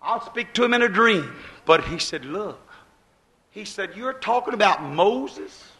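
A male preacher giving a sermon, retelling scripture in folksy dialect and dropping low, then rising loud, when quoting God. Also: sing-song, normal speed. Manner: storytelling preacher who acts out God's voice low and rising loud.

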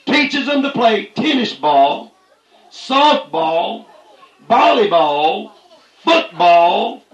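A high-pitched man preaching a fiery country sermon. He talks in a plain folksy way, keeps coming back to the same affirmations and climbs to shouts when he drives a point home. The room rings with echo around him. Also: very animated, very slow, dull audio. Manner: folksy, repeats "that's right", rises to shouts.

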